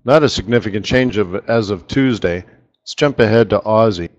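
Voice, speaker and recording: A man's voice: on the low side, normal speed, muffled recording. A middle-aged man hosting a casual live trading webinar, talking in a rambling, chatty way with asides about his screen tools. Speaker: forex market strategist hosting a live webinar.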